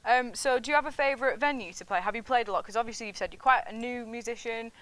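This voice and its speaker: A woman's voice: on the high side, fast, fairly bright tone. A woman hosting a casual talk show interview, chatty and teasing, asking playful questions.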